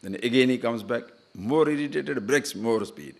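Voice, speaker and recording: A man's voice: medium pitch, moderate pace, vocal fry. A man, a spiritual teacher, giving a discourse. He tells stories with chuckles and asks his listeners questions. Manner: storytelling, chuckling, rhetorical questions.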